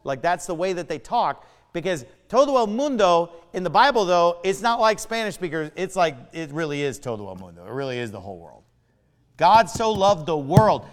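A male pastor preaching with a high, animated voice that leaps up and down as he stresses words. He drags out key phrases and hammers his points, and a long hall reverb hangs behind each line. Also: brisk, few pauses. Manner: emphatic preaching, stretched words and sharp swings of pitch and volume. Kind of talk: sermon.

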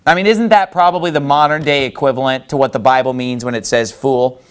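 A man preaching a sermon as pastor, animated and full of rhetorical questions, reading scripture in old-fashioned wording. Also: medium pitch, fairly quick, smooth.

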